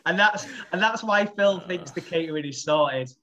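Lively man in casual chat. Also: high-pitched, normal speed, highs cut off, slight background noise. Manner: lively, acts out quotes in character voices. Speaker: podcast co-host.

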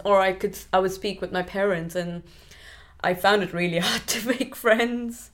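A woman's voice: medium pitch, fairly even intonation, moderate pace, fairly bright tone. A young woman from India with an Indian accent, a podcast guest telling her story casually, with many restarts and fillers.

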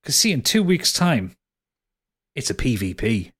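A man's voice: medium pitch, very animated, a little slow, a bit bright, slightly rough. A man hosting as game master, wrapping up the episode in a rambling, laughing way and swearing casually. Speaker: game master and podcast host. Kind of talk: casual podcast outro and plugs.

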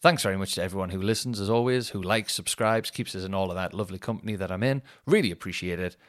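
A man's voice: low voice, fast. A man, hosting a comedy podcast and telling a self-mocking story in a casual, anecdotal way, swearing freely. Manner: swears freely, mocks himself.

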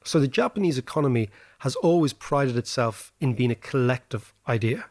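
An Irish man hosting a podcast, explaining history and economics in animated casual chat, often tagging his points with "right?". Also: medium pitch, a little fast, no echo, clean studio sound. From Ireland. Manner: animated lecturing, rhetorical "right?" tags. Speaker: podcast host.

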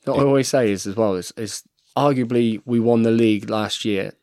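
An English man in his thirties, a professional rugby player, chatting excitedly while rewatching match footage and calling his friend "mate" constantly. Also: medium pitch, brisk, dry recording, studio quality. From England. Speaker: guest, professional rugby fly half. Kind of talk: casual chat while watching match footage.

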